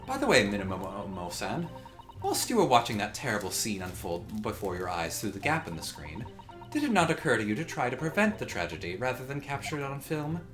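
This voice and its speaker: A man's voice: on the low side, very animated, a little fast, over music. A man co-hosting a casual game playthrough, reading dialogue aloud between joking, laughing asides. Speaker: let's play co-host.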